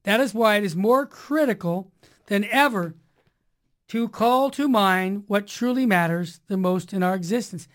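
A woman hosting a Catholic talk radio show, speaking emphatically in an energetic, preachy monologue. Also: mid-range voice, measured pace. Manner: emphatic, preachy, energetic, swinging loud and soft. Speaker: radio host.

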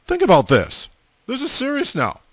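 A man's voice: very high-pitched, wildly swooping pitch, moderate pace, dry recording, studio quality. A man in his forties preaching a sermon, emphatic, with stammering restarts and repeated calls to his listeners.

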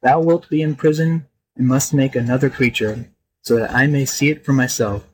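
A man's voice: medium pitch, fairly even intonation, moderate pace, lightly acted, low-quality recording. Imperious king, formal and commanding, as a male narrator reads him.

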